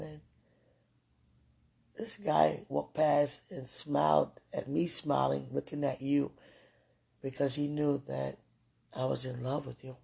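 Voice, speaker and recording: A woman's voice: low voice, gravelly, mellow, slightly rough. A woman hosting a podcast, talking casually and directly to her partner, laughing often. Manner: chatty, laughs often, talks straight to the listener. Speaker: podcast host. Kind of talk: casual monologue addressed to a partner.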